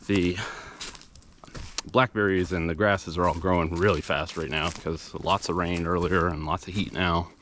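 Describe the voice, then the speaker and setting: Deep voice, casual vlogging man, outdoors, fillers and restarts, light ambient hiss. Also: fairly even intonation, moderate pace, a bit bright. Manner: rambling, matter-of-fact, with many fillers and restarts. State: out of breath after a hill climb. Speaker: volunteer litter picker and channel host. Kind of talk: casual vlog narration. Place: outdoors in woods and by a roadside.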